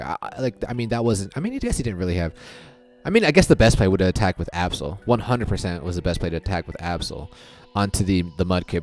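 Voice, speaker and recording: A man giving casual commentary over his recorded game, thinking out loud and retelling the match in a chatty way. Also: on the low side. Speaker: gaming video creator.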